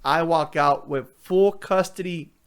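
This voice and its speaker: A man's voice: on the high side, unhurried, a bit bright, smooth. Laid-back man hosting a podcast. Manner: laid-back, laughs along, chips in short replies. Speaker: podcast host. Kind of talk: casual podcast chat.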